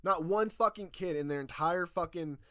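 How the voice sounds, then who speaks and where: A man's voice: sits high, normal speed, pushed and bright, no room sound, clean studio sound. A young man giving a profane, sarcastic rant as a YouTube reviewer. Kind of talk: ranting commentary.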